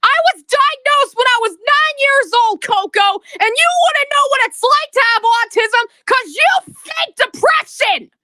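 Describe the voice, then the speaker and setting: A woman's voice: extremely high pitch, a little slow, few pauses, bright, forceful tone, no room sound. A woman ranting to camera in an emotional vlog, bitter and accusing, stammering and repeating words. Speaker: video creator.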